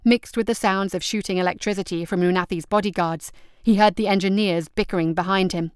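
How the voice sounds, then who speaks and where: A woman's voice: medium pitch, fairly even intonation, brisk, smooth, no echo, clean studio sound. A woman reading out an action story as narrator, telling it steadily and vividly.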